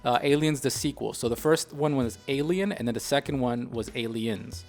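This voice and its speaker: A man's voice: mid-range voice, moderate pace, soft background music. A middle-aged man hosting a podcast, chatting casually and with energy, often restarting his sentences. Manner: animated, talks through restarts and asides. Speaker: podcast host. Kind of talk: casual chat.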